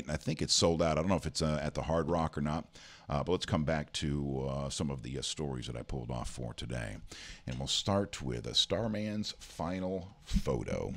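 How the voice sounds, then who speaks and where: A man's voice: sits low, a bit bright. A man hosting a casual morning stream show, rambling and self-deprecating, with lots of "uh" fillers. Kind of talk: casual monologue. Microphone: studio mic for a live stream.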